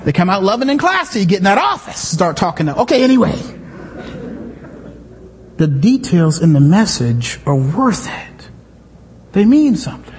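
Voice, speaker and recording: A male pastor preaching a sermon in a church, conversational and animated, with asides and sudden shouts. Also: high-pitched, moderate pace, long pauses, big-room sound, a little hiss or hum. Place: church sanctuary.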